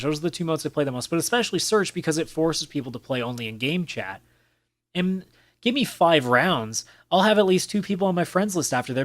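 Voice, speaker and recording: A man's voice: on the high side, dry recording. A man hosting a casual solo podcast, talking bluntly with plenty of swearing and sometimes mimicking other players in mocking voices. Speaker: podcast host. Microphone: camera with mic on a desk.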